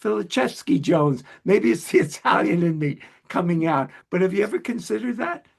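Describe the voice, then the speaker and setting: A chatty man hosts a relaxed interview, his voice set a little high for a man, with a gravelly, husky edge. He laughs easily and pokes fun at himself while he asks questions. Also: normal speed. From Long Island, United States. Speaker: host. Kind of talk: conversational interview.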